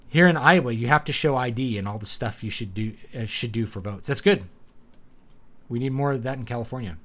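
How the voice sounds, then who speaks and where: The host of a casual live talk show, this man has a medium-pitched, slightly bright voice and a brisk pace. He's rambling and opinionated, tossing in sarcastic asides, fillers, and restarts while laughing at his own points.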